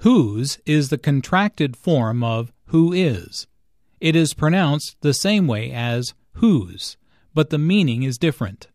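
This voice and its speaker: Male teacher narrator, slow deliberate explanations, dry close-miked voice. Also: a little high, expressive, darkish tone, dry recording. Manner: slow, measured, explanatory delivery. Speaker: English teacher. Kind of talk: scripted language-lesson narration.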